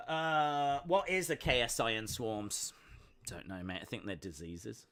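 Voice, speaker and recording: A man's voice: mid-range voice, unhurried, a bit bright. A man hosting a fight-night watch-along stream, chatting casually, reading chat messages and making jokey asides.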